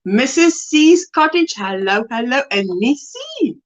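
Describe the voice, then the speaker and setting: Lively woman hosting a livestream. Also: sits high, a little slow, poor audio. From South Africa. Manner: chatty, greets viewers by name, laughs often. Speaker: crochet livestream host. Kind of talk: casual live-stream chat. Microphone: webcam.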